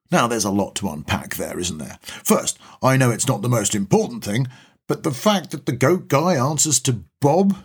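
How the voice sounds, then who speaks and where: Man, storyteller, wry chatty narration, husky, animated. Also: mid-range voice. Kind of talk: reading a comic short story.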